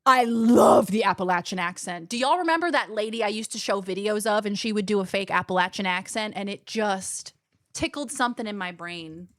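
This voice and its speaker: A woman's voice: mid-range voice, a bit bright, no echo. Chatty woman streamer, dry sound. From Australia. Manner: chatty, quick asides to chat. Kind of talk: casual chat while gaming.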